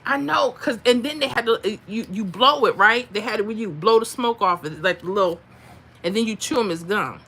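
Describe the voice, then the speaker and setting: A middle-aged woman hosts a casual live stream, chatting and telling stories in an animated way with frequent laughter. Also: medium pitch, brisk, a little hiss or hum. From Florida. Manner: animated, chatty, laughs often, acts out voices. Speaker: livestream host.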